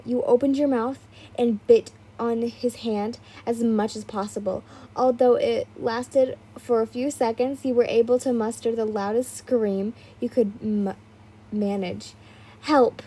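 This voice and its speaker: A woman's voice: fairly high pitch, dark tone, slightly rough. A woman reading a fan fiction story aloud in a casual way, with small stumbles and asides.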